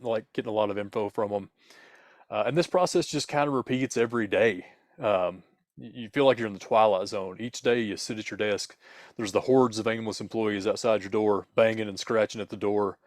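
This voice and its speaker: A man tells a spooky story in the second person, playful and dramatic, with fillers. His voice sits low. The recording is dry and close. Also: no echo. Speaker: podcast co-host telling a story.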